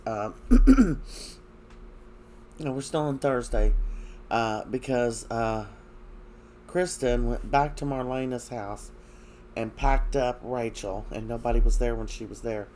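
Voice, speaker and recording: A man giving a casual recap of soap opera episodes, hesitant, with many fillers and frequent throat clearing. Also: mid-range voice, darkish tone, a little hiss or hum.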